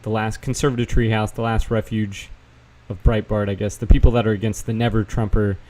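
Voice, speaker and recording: A man's voice: on the low side, flat delivery, fairly quick, darkish tone. A man doing casual, sarcastic commentary, reading news articles aloud and adding profane asides. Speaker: vlogger fact-checking news. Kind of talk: casual screen-share commentary.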